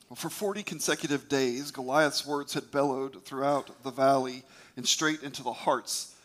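A man's voice: medium pitch, a bit bright. A man retelling a scripture story as a preacher, emphatic, with occasional stumbles.

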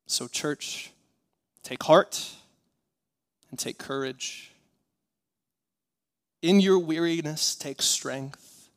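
Male pastor, sermon; earnest, repetitive cadence, hushed to fervent, slightly high-pitched. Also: takes it slowly, pauses often. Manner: earnest, rhythmic repetition, swinging from hushed to impassioned.

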